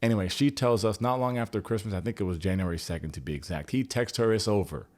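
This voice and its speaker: A man with a low-pitched voice talks through a reality show recap in a loose, comedic way. He cracks jokes and throws in slangy, profane asides as he goes. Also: fast, darkish tone. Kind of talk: casual comedic commentary.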